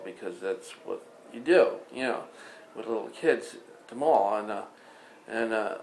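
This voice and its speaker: A man's voice: on the low side, creaky, slight background noise. A man telling an improvised story, rambling casually with many fillers and restarts. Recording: echoey room with faint ambience.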